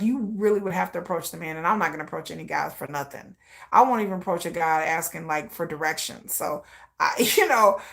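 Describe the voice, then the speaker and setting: A woman's voice: fairly low pitch, gravelly, a bit bright. A woman telling candid personal stories in a blunt, profane way, with laughing asides. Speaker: vlogger.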